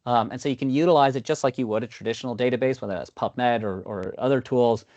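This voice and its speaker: A man walks through a software demo on a video call, in a loose conversational way with many "you knows" and "ums". The call audio sounds dull and slightly lo-fi. The voice is dry and close, with no room echo. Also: mid-range voice, fast. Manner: conversational, frequent fillers like "you know" and "um". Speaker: product demo presenter. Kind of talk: online meeting product demo. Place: online video meeting.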